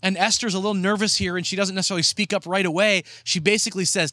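Bright, high-voiced preacher telling a story. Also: male voice, racing, hardly any pauses, dry recording. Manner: lively storyteller who acts out characters' lines. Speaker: pastor. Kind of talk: sermon retelling a story with acted voices.

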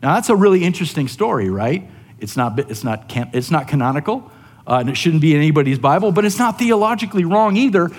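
A man's voice: on the high side, very animated, fast talker. Male preacher, chatty sermon delivery with frequent "right?", echoing hall. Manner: conversational, often asks "right?". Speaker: pastor.

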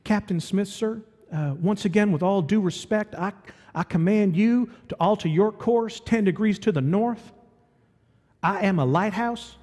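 A man voicing a calm, polite young man at a lighthouse who answers firmly and respectfully. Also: high voice, pitched above the performer's own voice. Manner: polite, firm and unhurried. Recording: long hall reverb.

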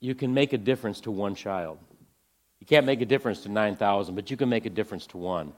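Low-voiced man telling an inspiring story. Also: quick pace. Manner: earnest storyteller, swings from hushed to excited. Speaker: ministry speaker presenting to a church audience.

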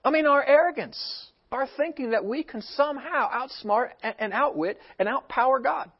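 A pastor preaches an emphatic sermon in a very high-pitched voice at normal speed, firing off rhetorical questions and acting out quotes. The recording sounds dull and lo-fi.

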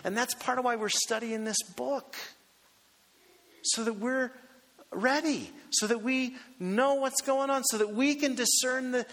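A pastor preaching a sermon with emphasis, reading scripture aloud and asking the congregation questions. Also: male voice, extremely high pitch, measured pace, a bit bright, in a large hall.

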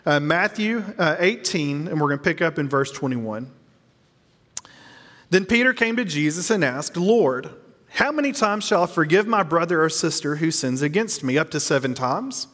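A man preaching a sermon as pastor, earnest, slowing down to stress key lines. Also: fairly high pitch, big pitch swings, a bit bright, big-room sound.

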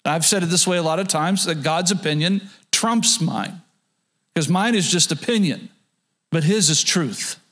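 A man's voice: a little high, moderate pace, fairly bright tone. A male pastor preaching a Sunday sermon, repeating key phrases and restarting with stammered words.

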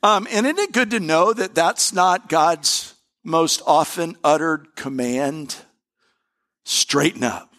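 Earnest preaching man, higher voice. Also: takes it slowly, few pauses, fairly bright tone. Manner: earnest and conversational, with frequent restarts. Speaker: pastor. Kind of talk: sermon. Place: church service before a live congregation.

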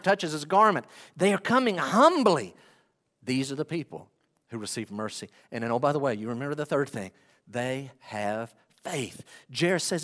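A man preaching a sermon as pastor, swinging from hushed asides to loud pleading and acting out prayers. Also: a little high, big-room sound.

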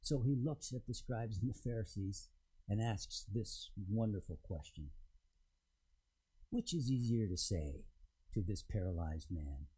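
A man preaching a sermon to a congregation, retelling a scripture story in a conversational, storytelling way with emphatic pauses. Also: on the low side, lively intonation, mellow, husky, rough recording. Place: church in front of a congregation.

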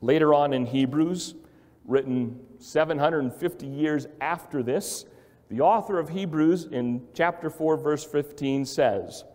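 A male pastor preaching a sermon in an emphatic, repetitive way, swinging from quiet to loud. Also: on the high side, a little slow. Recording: long hall reverb.

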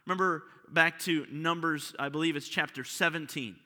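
Man, pastor, sermon, fairly high voice, rhetorical questions to the congregation. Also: normal speed, bright, forceful tone. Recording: long hall reverb.

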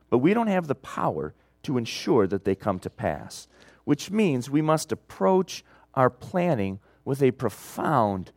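Middle-aged male pastor, sermon delivery, lively up-and-down pitch, dry close sound. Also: dry recording. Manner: storytelling, animated, swings between loud emphasis and quiet asides.

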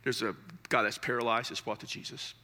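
Male pastor, middle-aged, sermon, conversational with humor, bright tone. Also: medium pitch, steady tone, a little fast, a little hiss or hum. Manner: conversational preaching with humor and emphatic asides.

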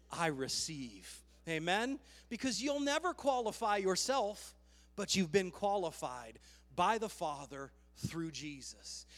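A man preaching a sermon with a very high voice, rallying his listeners with emphatic calls. He sounds a little out of breath. His voice rings with the long reverb of a church hall. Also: fairly bright tone. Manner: emphatic, rallying with "Amen?" and "Come on". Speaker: pastor.

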